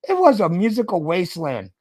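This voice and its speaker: Brief: high-pitched podcast host in his fifties, profane ranter, keeps saying "okay?". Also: wildly swooping pitch, brisk, darkish tone. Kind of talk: casual chat.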